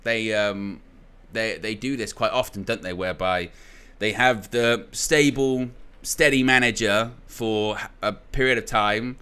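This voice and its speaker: Man, young adult, football channel host, casual opinion talk, rambling with restarts, bright forceful tone. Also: fairly low pitch, measured pace, few pauses, clean tone. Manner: rambling, frequent restarts and filler words.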